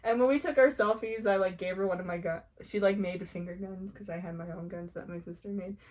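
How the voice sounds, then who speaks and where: A young woman telling stories casually, excitable and gushing, with squeals when she gets excited. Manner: excitable, quick swings into high squeals; gushing, heavy use of "like". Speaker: vlogger. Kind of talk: casual storytelling.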